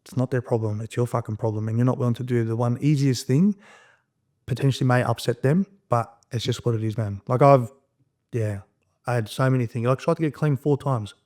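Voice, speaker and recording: A man in his thirties talks quickly as a podcast guest. He tells his story in a casual, profane way and acts out every bit of dialogue with energy. His voice sits in the middle range. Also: medium pitch. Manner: rapid, animated, profane storytelling, acting out quoted dialogue.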